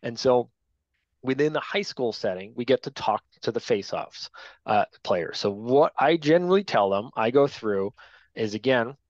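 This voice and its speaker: A man running a training class for new officials speaks directly and to the point, often tagging his points with "right?" His middle-pitched voice has lively intonation at normal speed. The recording is dull and lo-fi, dry and close, with no echo.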